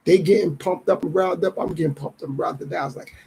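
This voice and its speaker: Casting: male podcast host, middle-aged, high-pitched, dark and raspy tone, streetwise musing. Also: poor audio. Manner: reflective, streetwise, acts out others' lines in quick voices. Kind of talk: casual podcast monologue.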